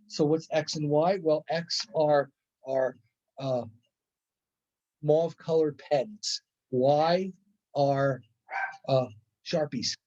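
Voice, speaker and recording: Casting: male instructor, slightly raised pitch, casual lecture delivery peppered with "right?", slightly muffled recording. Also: a little mellow. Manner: conversational, with frequent "right?" check-ins and playful acted-out examples. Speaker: college instructor.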